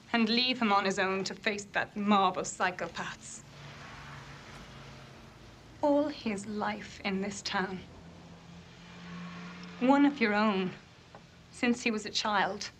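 A woman's voice: mid-range voice, fairly bright tone, a little hiss or hum. An actress in a film clip playing a woman who berates a crowd of cowardly townsmen with contempt. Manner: contemptuous, scolding. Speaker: film character in a played clip.

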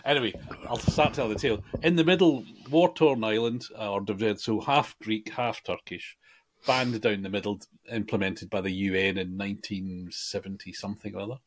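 A man's voice: on the low side, fairly even intonation, a little fast. A man co-hosting a podcast in casual chat, joking and wandering off into self-deprecating digressions. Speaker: podcast co-host.

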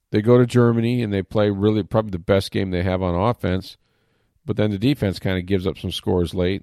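A man giving sports talk commentary as an analyst, animated and emphatic, mocking critics with repeated phrases. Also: low voice, no room sound, studio quality. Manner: animated, mock-quoting critics, emphatic repetition.

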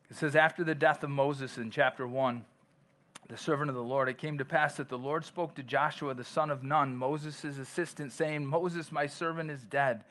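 A male pastor preaches in a conversational style, often restarting sentences and reading long passages of scripture aloud. His voice is medium in pitch with a fairly bright tone.

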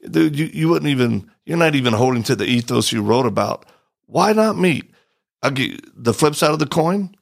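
A man's voice: medium pitch, normal speed, creaky. A middle-aged man hosting a podcast, telling a story and acting out the quoted voices. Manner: animated, acts out quoted voices. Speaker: podcast host. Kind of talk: storytelling in a casual chat.

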